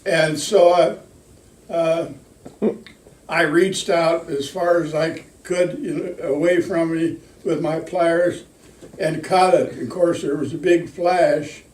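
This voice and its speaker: An older man, a retired lineman, telling work stories in a halting way with many pauses and fillers. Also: fairly high pitch, fairly even intonation, darkish tone. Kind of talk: casual storytelling. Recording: roomy sound from a distant mic.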